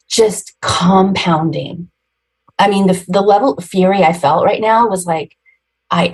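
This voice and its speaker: A woman's voice: medium pitch, poor audio. A woman in her forties, a podcast guest, retelling a personal story emotionally and ramblingly, with nervous laughs.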